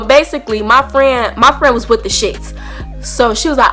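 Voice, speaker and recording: A young woman, telling an animated storytime to camera and acting out both sides of a heated argument. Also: on the high side, moderate pace, faint music behind. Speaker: storytime vlogger.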